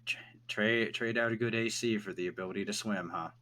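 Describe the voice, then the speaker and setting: A man's voice: on the low side, fairly even intonation, a little fast, sharp tone. A man voicing a plain-spoken adult crewman in a tabletop game, in a blunt, matter-of-fact way.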